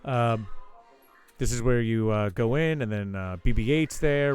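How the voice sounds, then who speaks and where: A man's voice: mid-range voice, normal speed, darkish tone, clear, resonant tone, soft background music. A man hosting his own show, telling a rambling, profane story in casual chat. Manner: swears a lot, rambling asides. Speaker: show host.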